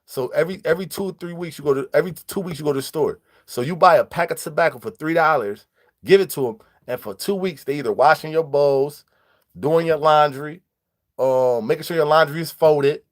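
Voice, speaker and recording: A man tells stories in an easygoing vlog. He talks animatedly in street slang, mixing in shout-outs to viewers and acted-out dialogue. His voice sits a touch high. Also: brisk. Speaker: vlogger. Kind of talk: casual storytelling vlog.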